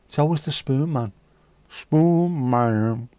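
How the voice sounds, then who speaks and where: Male stream host, mid-pitched, cheeky banter, dry close-mic sound. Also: takes it slowly, mellow, clear, resonant tone, dry recording. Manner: cheeky, banter-heavy, swears freely. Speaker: livestream host serving virtual drinks. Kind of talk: casual chat.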